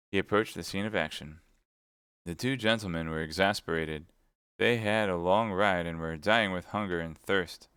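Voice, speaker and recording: A man's voice: deep voice, clear, resonant tone, no room sound, clean studio sound. Man reading a classic novel aloud. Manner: steady, measured narration. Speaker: reader. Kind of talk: audiobook reading on a live stream.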